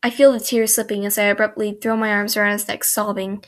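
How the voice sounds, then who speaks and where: A young woman reading a fan fiction aloud in first person, halting and restarting mid-sentence, and breaking off for chatty asides. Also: medium pitch, level tone. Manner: breaks off for chatty, giggly comments.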